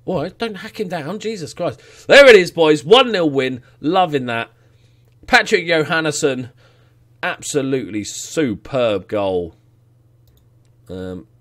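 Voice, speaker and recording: A man casually commentating his football management game, getting excited, cheering goals and swearing now and then. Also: medium pitch. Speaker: let's play gamer.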